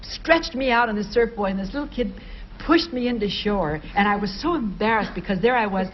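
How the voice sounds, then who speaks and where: A woman's voice: mid-range voice, brisk, a little hiss or hum. A woman telling a self-mocking story on a game show. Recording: dull 1970s TV recording with audience.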